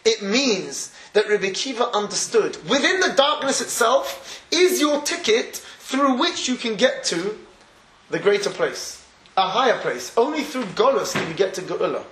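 High, lively man teaching Torah. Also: a little slow, echoey room, rough recording. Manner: animated storytelling, laughs often. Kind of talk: Torah class.

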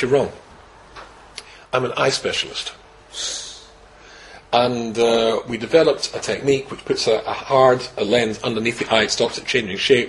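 An older man from Scotland, a rabbi in his sixties, tells a long personal story with wry humor. His voice sits at an ordinary pitch, sinking low and quiet at the hard parts and leaping up when he exclaims. A faint hiss sits under the recording. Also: low-quality recording. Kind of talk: personal story told to a host.

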